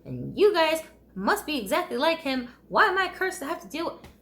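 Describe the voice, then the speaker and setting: Woman doing a shrill nagging mother. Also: very animated, normal speed. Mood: scolding. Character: nagging, ranting middle-aged mother.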